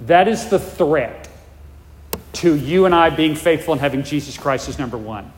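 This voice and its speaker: A man's voice: a little high, moderate pace, a little hiss or hum. A male pastor preaching a sermon, emphatic and repetitive, often checking in with the congregation. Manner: emphatic, repeats points, checks in with "all right?". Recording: long reverb of a large hall.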